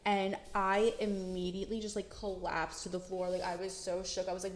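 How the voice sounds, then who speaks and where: A young woman co-hosting a podcast, telling a story in an animated way, laughing, swearing and acting out the quotes. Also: mid-range voice, brisk. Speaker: podcast co-host. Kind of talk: casual storytelling chat. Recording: roomy echo.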